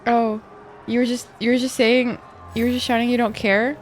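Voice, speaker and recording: A woman streaming a game, chatting casually with viewers, excitable and swearing a lot. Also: on the high side, moderate pace. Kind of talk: casual live-stream chat. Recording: faint music behind.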